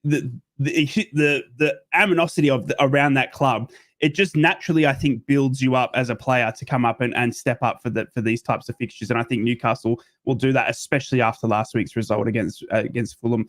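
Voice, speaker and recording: Man panelist, mid-pitched, hesitant, chatty football talk over a call. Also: steady tone, a little fast, a bit bright, no echo, clean studio sound. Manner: hesitant, many fillers and restarts. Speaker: podcast panelist. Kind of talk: casual football chat.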